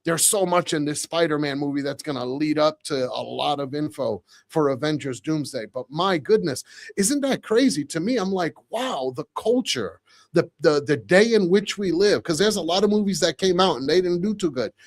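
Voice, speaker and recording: A man in his forties hosting a podcast live, chatting casually with viewers, reading comments and repeating phrases excitedly. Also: fairly high pitch, moderate pace, no echo. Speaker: podcast host.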